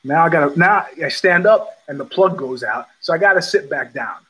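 A man's voice: on the high side, expressive, brisk, bright, forceful tone, husky, low-quality recording. A man hosting his own show, telling stories in a blunt, profane, casual monologue and repeating phrases for emphasis. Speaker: podcast host.

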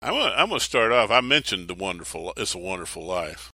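A man, a pastor, talking through his sermon plan in lively storytelling style, acting out voices in quotes. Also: low-pitched, fast, no echo. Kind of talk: podcast sermon preview.

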